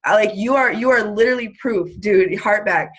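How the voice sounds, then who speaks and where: A woman's voice: medium pitch, moderate pace, fairly bright tone, husky. A woman hosting a casual video call, effusive and gushing, full of "like" and filler words. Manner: effusive, gushing, lots of "like" and laughter. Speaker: host.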